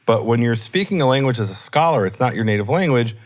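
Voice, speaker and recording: A man explaining grammar in a relaxed teaching discussion, thinking aloud and correcting himself as he goes. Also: mid-range voice, fast talker. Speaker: Hebrew scholar teaching.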